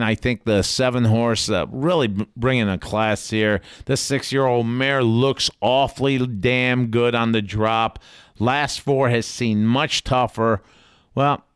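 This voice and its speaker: A smooth, resonant man talks through his horse racing picks in a blunt, chatty way. His voice is close and dry, with no room sound. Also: medium pitch, a bit bright, no room sound. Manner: blunt, chatty, swears casually. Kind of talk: casual race picks talk.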